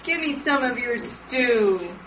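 A woman's voice: mid-range voice, moderate pace, fairly bright tone, lightly acted. Woman voicing a whiny, starving young brother. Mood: whining. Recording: distant, roomy, noisy playback.

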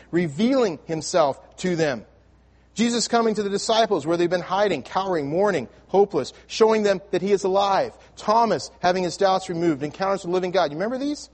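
A man preaching a sermon to his congregation, telling a story with frequent restarts and repeated words, swinging between loud emphasis and hushed, near-whispered lines. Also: high-pitched. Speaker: pastor. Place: church sanctuary with congregation.

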